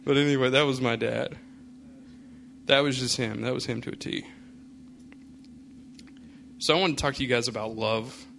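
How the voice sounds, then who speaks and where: A male pastor speaking at a middle pitch, loose and conversational, leaning on fillers as he tells a story. The telling has an easy, unhurried sermon feel. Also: fairly even intonation, creaky, a bit bright, slight background noise. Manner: casual storytelling, many fillers. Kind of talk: sermon with personal anecdote.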